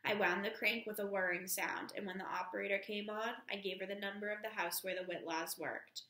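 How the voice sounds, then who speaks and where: A woman teacher reading a novel aloud to her class at a steady pace, calling out each page number. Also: mid-range voice, fairly quick, roomy sound.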